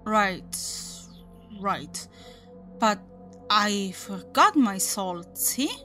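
A woman's voice: mid-range voice, expressive, very slow, soft background music, exaggerated voice. A woman voicing a frantic, confused young man. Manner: defensive, swearing, shouting when upset.

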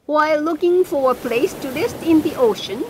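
A woman narrating a children's fable in a slow, expressive read-aloud manner. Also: sits high, a little hiss or hum. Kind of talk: storybook narration.

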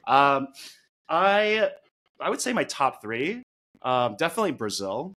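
Young man, podcast host, bright tone, relaxed casual chat, frequent fillers. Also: on the high side, unhurried. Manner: relaxed, laughs between thoughts, many fillers.

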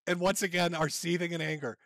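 A man's voice: fairly high pitch, fairly even intonation, fast talker, creaky, fairly bright tone, dry recording. A man hosting a stream, mocking and ridiculing the person in the clips he plays. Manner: sneering, ridiculing, laughs at clips.

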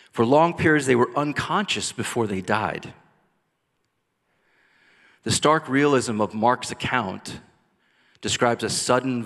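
A man preaching a sermon as pastor, rising to intense cries and dropping to soft, quiet lines. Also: medium pitch. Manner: passionate preaching, builds to loud cries then drops soft. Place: church sanctuary. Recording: long church hall reverb.

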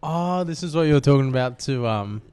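Laid-back man tossing in quick reactions. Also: medium pitch, expressive, a little mellow, clean tone, no echo. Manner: short reactions and wisecracks. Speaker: podcast co-host. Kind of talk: casual chat.

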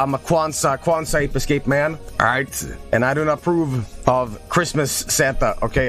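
A man streaming a game, joking and swearing with excitable commentary. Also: mid-range voice. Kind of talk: casual live-stream commentary.

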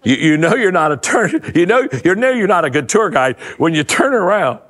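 An older man giving a conversational leadership talk to a live audience, a folksy storyteller who restarts his sentences often and drops his voice low to stress a point. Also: big pitch swings, moderate pace, fairly bright tone. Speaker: leadership speaker. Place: large event hall. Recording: long hall reverb.

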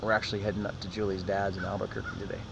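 A man rides along in a car, casually narrating and pointing things out as he goes, and he breaks off now and then to give the driver directions. His voice sits low and is heard from a distance through a dull phone mic. Heavy wind and road noise roar behind him. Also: little pitch movement, racing, creaky. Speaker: vlogger showing his land. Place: inside a moving car. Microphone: handheld phone camera.

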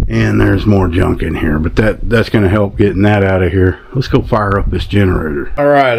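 A man's voice: lowish voice, creaky, darkish tone, a little hiss or hum. Easygoing man vlogging outdoors. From American South. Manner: easygoing, folksy, talks to animals. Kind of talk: casual vlog narration. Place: outdoors on a rural property.

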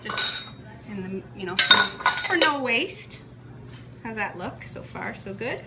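A woman's voice: mid-range voice, fairly even intonation, normal speed, creaky. A woman hosting a casual cooking video, talking to the camera in a bubbly, playful, chatty way while she cooks in a kitchen. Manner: bubbly, playful and chatty, with sing-song asides. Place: kitchen at a retreat center. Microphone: handheld camera or phone. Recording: noisy ambient background.

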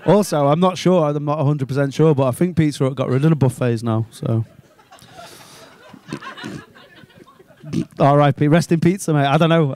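A Liverpool man in his twenties doing a stand-up set, swearing freely and mocking people with quick put-on voices. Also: fairly high pitch. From England. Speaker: stand-up comedian. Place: comedy club stage.

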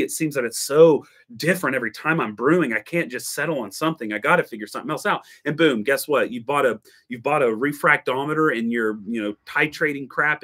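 Man, mid-pitch, loose late-night stream host, rambling and self-correcting, jokey asides. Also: fairly bright tone, breathy edge. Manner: jokey, breaks into mock dialogue. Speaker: coffee educator hosting a stream. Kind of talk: late-night livestream chat.

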